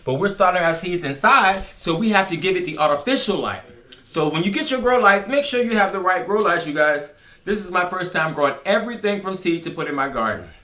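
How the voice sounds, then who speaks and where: Excited man showing his seedlings. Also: high-pitched, fairly quick, a little hiss or hum. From Virginia, USA. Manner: enthusiastic, chatty, keeps addressing viewers. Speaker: gardening channel host. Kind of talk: casual gardening vlog. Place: indoors at a table of seedlings under grow lights.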